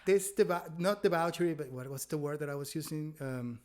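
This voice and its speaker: A man, a stand-up comedian, chatting candidly on a podcast, laughing often and halting with fillers. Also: a little high, darkish tone. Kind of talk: casual chat.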